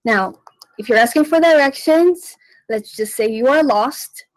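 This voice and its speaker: A woman hosting a radio language lesson, teaching slowly and patiently and repeating each phrase. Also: high-pitched, no echo, poor audio. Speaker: radio language segment host. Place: radio studio.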